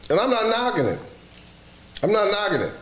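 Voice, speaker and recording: A man hosting a casual sports talk show, loud and profane, laughing often as he talks. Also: high-pitched, big pitch swings, a little fast. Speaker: podcast host. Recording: roomy echo, faint noise.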